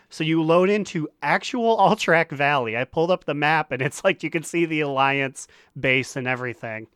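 A man co-hosting a casual gaming podcast, telling a story with lively energy and acting out characters' lines. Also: on the high side, moderate pace, hardly any pauses, clean tone, dry recording, clean studio sound. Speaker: podcast co-host.

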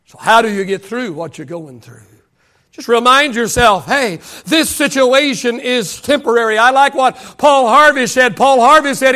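A man's voice: very high voice, normal speed, pushed and bright. A pastor preaching a passionate sermon at a church service. He repeats his phrases and lets many lines trail off into near silence.

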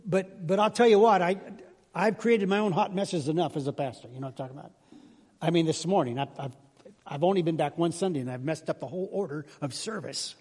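A man's voice: fairly high pitch, quick pace, darkish tone. An older man preaching as a pastor, chatty and self-deprecating, telling folksy jokes in a sermon. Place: church sanctuary. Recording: reverberant church hall.

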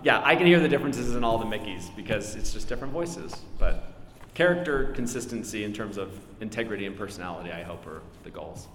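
A middle-aged man who does voice acting fields questions at a live convention panel, talking fast and expressively at a fairly low pitch. He's chatty, pokes fun at himself, and laughs a lot. The echoey hall carries faint crowd ambience, and the background is noisy.

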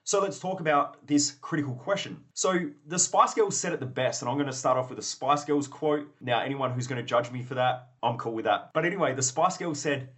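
A man's voice: mid-range voice, fairly quick, few pauses, fairly bright tone. A man hosting a motivational podcast, blunt and profane, acting out both sides of imagined conversations. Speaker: podcast host.

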